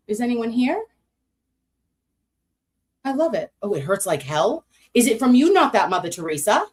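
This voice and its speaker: An American woman streaming casually to her chat, animated, cursing freely, and swinging up high when excited. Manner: animated, swearing, talks to chat.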